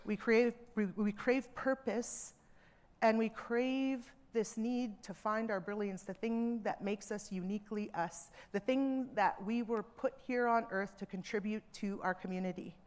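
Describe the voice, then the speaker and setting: A woman speaking earnestly to a seminar audience from a theatre stage, measured, with emphatic repetitions. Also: medium pitch, steady tone, darkish tone. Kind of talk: reflective public talk.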